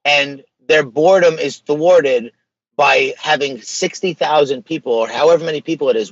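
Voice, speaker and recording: Guesting on a podcast, a social media page creator speaks in a voice on the high side, casual, emphatic and full of slang. There's no room sound, and the highs are cut off in this relaxed interview.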